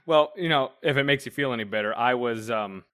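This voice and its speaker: A man's voice: mid-range voice, normal speed, fairly bright tone. A man joining a casual chat with joking asides.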